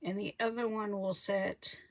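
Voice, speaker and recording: A woman with a gravelly, medium-pitched voice talks a little slowly during a casual live stream about her homestead. As a homesteading vlogger, she rambles, self-corrects, and voices quoted people in a lively way.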